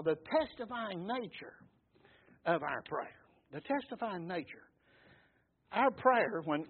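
Preacher guy, husky high voice, fired up and folksy, tinny phone-like audio. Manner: fervent, rising to shouts, folksy storytelling. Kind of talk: sermon.

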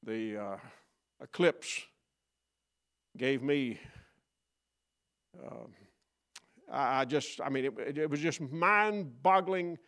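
A man preaching a sermon in a church, dramatic, dropping to a hush and then rising loud, acting out mocking voices. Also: medium pitch, slow pace, long pauses. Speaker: guest preacher. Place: church sanctuary.

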